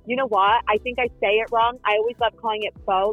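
A woman, a reality show cast member, answering interview questions in a chatty, animated storytelling way with lots of fillers. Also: a little high, fast, over loud music. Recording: dull lo-fi sound.

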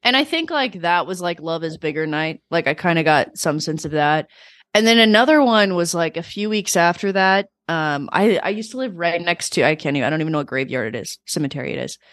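A woman with a somewhat low-pitched voice shares personal stories in casual podcast conversation. She talks in a reflective, animated way, full of fillers. The sound is dry and close. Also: a little fast, no room sound. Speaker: guest.

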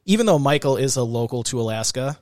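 A man's voice: mid-range voice, expressive, fast talker, darkish tone, dry recording, clean studio sound. Tired man hosting a late podcast. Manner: reads quotes aloud, then chats loosely with fillers. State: tired, recording late at night. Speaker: podcast host. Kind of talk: casual true-crime podcast chat.

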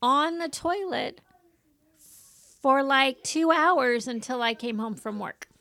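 A woman casually telling a story about her daughter, animated and often laughing. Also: high voice, slow pace. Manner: animated, laughing, acts out quotes.

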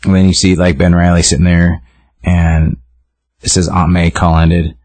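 Low, husky man casually retelling a comic. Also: little pitch movement, moderate pace, darkish tone, dry recording. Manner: rambling, filler-heavy storytelling with many restarts. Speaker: podcast co-host recapping a comic book. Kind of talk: casual chat, retelling a comic with quick voiced lines.

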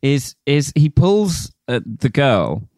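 A man's voice: medium pitch, big pitch swings, slow pace, a little mellow, no echo. A young man co-hosting a podcast, breaking down a film in casual chat, laughing often and swearing freely. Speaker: podcast co-host.

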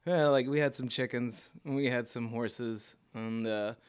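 A man's voice: mid-range voice, measured pace, smooth. A man in his thirties with a Baltimore accent, telling stories as a podcast guest in a loose, rambling way with lots of fillers. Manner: rambling, laid-back storytelling with many fillers and laughs. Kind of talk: casual podcast chat.

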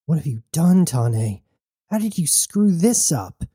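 A man doing a foul-mouthed young woman in a fury. He pitches her higher than his narration and keeps her exasperated and swearing, read close and dry for an audiobook. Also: very animated, unhurried, warm tone, husky, no echo, full character voice.

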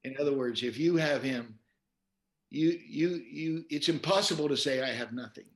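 Male pastor guest, slightly high voice, animated preacher-style storytelling in conversation. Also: normal speed. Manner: animated storyteller, repeats words while quoting scripture.

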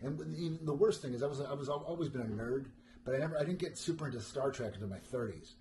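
A man's voice: medium pitch, fast talker. A middle-aged man hosting a livestream and answering chat questions, rambling casually and crudely with lots of fillers and self-deprecating jokes. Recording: echoey room with background noise.

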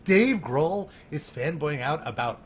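A man telling a story in a casual chat, animated and laughing, full of fillers and restarts. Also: a little high, a little slow, husky. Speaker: guest.

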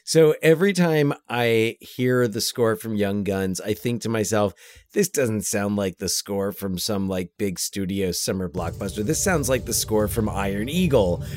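A man's voice: lowish voice, measured pace, a little mellow, no room sound. Jokey stammering male podcast co-host. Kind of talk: casual movie review chat.

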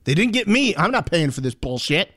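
A man's voice: on the high side, sing-song, fairly quick, fairly bright tone. A man co-hosting a podcast, chatting casually, joking and swearing now and then. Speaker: podcast co-host. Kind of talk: casual chat.

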